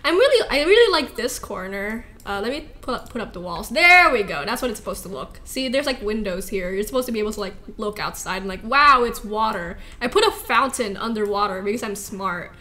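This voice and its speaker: A woman's voice: mid-range voice, lively intonation, a little fast, hardly any pauses, a bit bright. A woman streaming a game, chatting casually in a rambling, giggly way and laughing often. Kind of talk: casual live-stream chat while playing.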